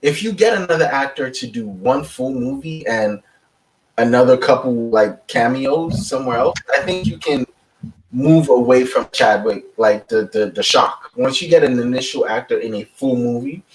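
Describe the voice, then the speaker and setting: Animated Nigerian-born man, a bit off-mic. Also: mid-range voice, moderate pace, recorded from a distance, rough recording. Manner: animated, swearing, laughing. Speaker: podcast co-host. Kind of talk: casual banter.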